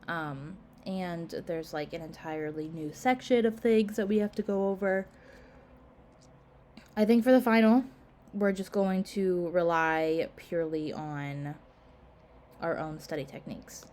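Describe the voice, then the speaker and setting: A woman's voice: on the low side, unhurried, a little mellow, a little hiss or hum. A woman instructor giving a class casual course announcements, full of "um" and "like", tired and yawning. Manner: casual, filler-heavy, frequent "um" and "like". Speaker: college instructor.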